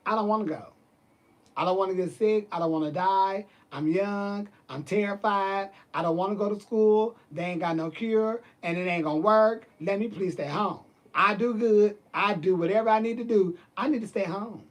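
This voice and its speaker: A frightened young schoolchild begs in short repeated pleas to stay home, as a man acts the child out. The voice stays high but close to an everyday speaking voice. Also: normal speed, lightly acted. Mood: pleading. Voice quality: pleading, repetitive.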